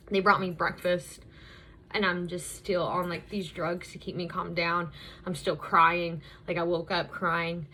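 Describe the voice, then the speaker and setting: Bright-voiced woman telling a personal story. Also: on the low side, slight background noise. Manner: rambling, frequent fillers like "um" and "like". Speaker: vlogger. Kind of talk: candid personal storytelling while doing makeup.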